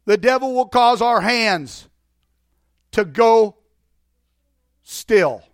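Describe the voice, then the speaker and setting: A man's voice: very high voice, expressive, drawn-out words, no echo. A man preaching fervently to his church, exhorting the congregation and breaking into song. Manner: preaching with urgent repetition. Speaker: pastor. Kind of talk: sermon. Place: church sanctuary.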